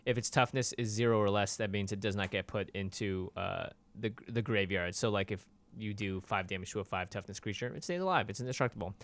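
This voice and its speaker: A man's voice: on the low side, brisk, hardly any pauses, fairly bright tone, dry recording. A man co-hosting a casual card-game podcast, chatty and loose, with lots of fillers. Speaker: co-host.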